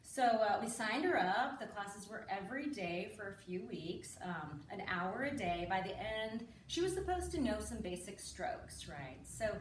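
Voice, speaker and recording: A woman's voice: medium pitch, lively intonation, a little slow, few pauses, a little hiss or hum. Chatty woman doing stand-up, roomy and distant. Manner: chatty, confiding, keeps tagging lines with "right?". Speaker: stand-up comedian. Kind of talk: stand-up comedy set. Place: live comedy stage with audience.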